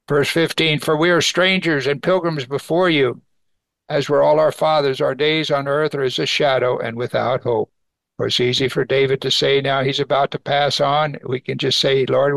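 A man's voice: medium pitch, vocal fry, no room sound. A man teaching verse by verse through a Bible passage, reading it aloud and adding exclaiming comments of his own. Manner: reads scripture then adds warm, exclaiming comments. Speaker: pastor.

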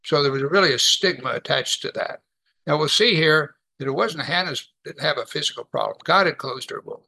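A man preaching a sermon, teaching from the Bible in a conversational, animated way. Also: a little high, brisk, vocal fry, low-quality recording.

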